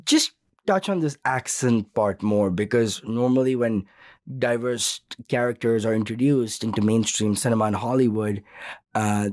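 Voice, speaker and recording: A man hosting an interview, asking measured, curious questions. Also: fairly low pitch, a little mellow, no echo, studio quality. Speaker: interview host.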